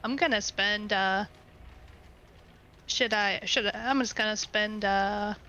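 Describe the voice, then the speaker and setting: A woman's voice: mid-range voice, fairly even intonation, slow pace, sharp tone, lo-fi sound. A woman playing in a tabletop game, talking casually in an upbeat, rambling way. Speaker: player.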